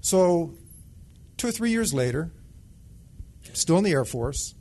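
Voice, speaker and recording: A retired Air Force sergeant telling a personal testimony in a conversational way and acting out the dialogue. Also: male voice, fairly high pitch, lively intonation, slow pace, darkish tone. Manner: conversational storytelling that acts out dialogue.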